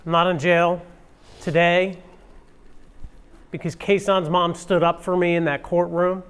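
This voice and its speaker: A man speaks in a courtroom about his own experience, high-pitched and with a smooth, clear tone. He halts and trips over his words as the emotion catches up with him. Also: level tone, measured pace, fairly bright tone. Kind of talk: personal testimony.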